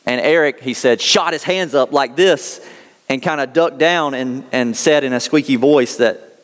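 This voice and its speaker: An American man delivers a sermon, moving between earnest storytelling and scripture reading. His voice sits in an ordinary middle pitch. A long reverb rings around him, as in a large hall. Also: moderate pace. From United States. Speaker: pastor.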